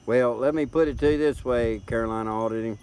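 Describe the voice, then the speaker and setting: A middle-aged man from Tennessee hosts a live stream in a Southern accent, talking at a quick pace in a clear, resonant, slightly mellow mid-range voice. He rambles casually and folksily, repeating words, picked up by a tablet's built-in mic.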